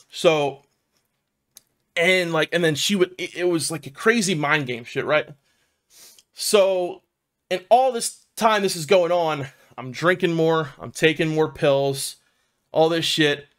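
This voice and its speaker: A man's voice: fairly high pitch, measured pace, fairly bright tone. Profane rambling Philly guy. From South Philadelphia, USA. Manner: rambling and profane, fills with "man" and "dude". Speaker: vlogger telling his own recovery story. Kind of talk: casual personal storytelling.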